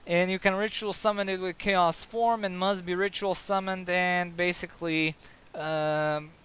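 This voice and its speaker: A man's voice: high-pitched, steady tone, a little slow, fairly bright tone, smooth. A man giving a casual card game review, sarcastic and exasperated, with many fillers and restarts.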